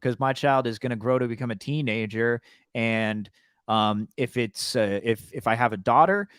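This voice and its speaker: A man co-hosting a podcast in casual chat, often halting and repeating words as he thinks. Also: medium pitch, a bit bright, clean tone, dry recording, studio quality. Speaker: podcast co-host.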